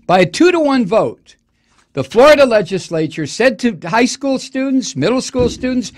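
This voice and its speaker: A man's voice: very high-pitched, big pitch swings, normal speed. A man hosting a political talk radio show, delivering an impassioned, profane and sarcastic monologue.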